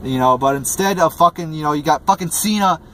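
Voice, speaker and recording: A man rants through a review of a wrestling show, exasperated and swearing constantly while stumbling over fillers and restarts. His voice is a little high, fairly quick and fairly bright, with a slight hiss or hum in the recording.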